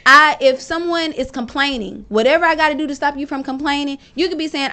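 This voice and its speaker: A young adult woman in casual chat, emphatic and animated, acting out her own past conversations. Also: high voice, fast talker, hardly any pauses. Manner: emphatic and animated, quoting herself in dialogue. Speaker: panel discussion guest.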